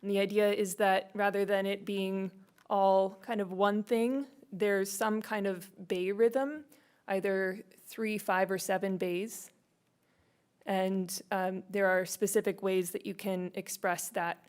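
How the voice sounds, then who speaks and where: A woman methodically presenting building standards at a public meeting, steady and explanatory. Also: mid-range voice, clean tone.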